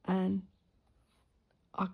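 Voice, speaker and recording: Talking extremely slowly, a middle-aged woman rambles through stories as she sews for her vlog, often dropping to a whisper for asides. The audio from the camera close in front of her sounds narrow and tinny.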